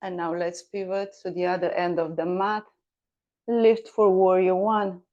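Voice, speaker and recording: A woman guiding a gentle yoga class, giving calm, unhurried cues and breath counts. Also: on the low side, dull audio. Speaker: yoga teacher.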